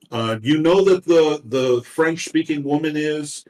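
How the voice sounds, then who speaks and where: A man narrating a tabletop game as game master, talking haltingly with many fillers and restarts. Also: a little high, darkish tone. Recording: roomy echo, far from mic.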